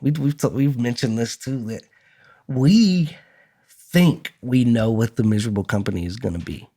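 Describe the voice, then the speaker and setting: A man's voice: mid-range voice, normal speed, dark tone. A man co-hosting a podcast in casual chat, talking with energy, often repeating words and laughing between points. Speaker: podcast co-host.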